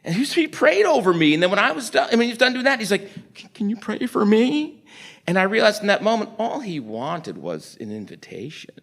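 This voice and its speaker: A middle-aged man from New York City giving a storytelling sermon, acting out conversations in quick animated bursts. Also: high-pitched, vocal fry. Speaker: guest preacher.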